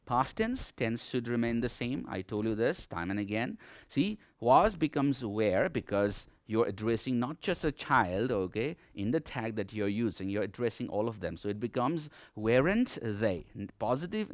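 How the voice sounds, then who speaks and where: A man's voice: mid-range voice, no echo, clean studio sound. A man teaching a grammar lesson in Nepali-accented English, explaining step by step and often saying "okay" as he stresses key words.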